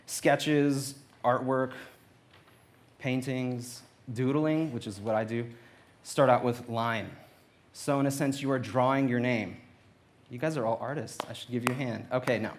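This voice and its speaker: Speaking unhurriedly in a steady, medium-pitched voice, a young adult church speaker delivers a light-hearted testimony in the auditorium. His telling is full of anecdotes and playfulness, and he dramatizes what people said.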